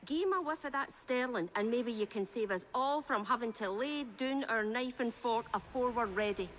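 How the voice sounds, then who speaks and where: A blunt, shrewd old train driver with a Scottish accent and a fairly high voice, voiced by a woman. She talks in folksy, old-fashioned turns of phrase, and faint game noise sits under her lines. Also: normal speed, a bit bright, close to an everyday voice. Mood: persuasive. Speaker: game character.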